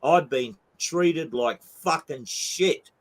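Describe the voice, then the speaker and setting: A man's voice: fairly high pitch, very slow. Blunt, swearing older Australian man. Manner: blunt, emphatic, swears freely. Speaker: guest. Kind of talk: heated interview talk.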